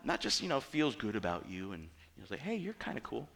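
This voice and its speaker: A middle-aged male pastor giving a conversational sermon, animated and acting out the people in his stories. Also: medium pitch, fairly quick, gravelly.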